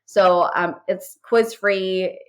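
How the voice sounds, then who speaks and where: A woman in her thirties, a parenting course creator talking with a podcast host, who tells stories in a lively, casual way full of asides. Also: medium pitch, drawn-out words, low-quality recording. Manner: animated storytelling, many "I was like" asides.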